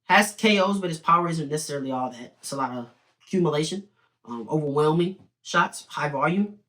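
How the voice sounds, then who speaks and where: A young man giving opinionated, animated fight predictions in a casual video commentary. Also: fairly high pitch. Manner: opinionated, animated, talks in quick bursts with restarts. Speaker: sports betting and fight prediction host.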